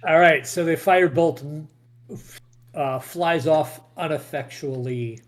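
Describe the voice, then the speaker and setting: Man running a tabletop game, higher voice. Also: takes it slowly, slight background noise. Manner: laughs often, describes gory combat casually. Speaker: game master.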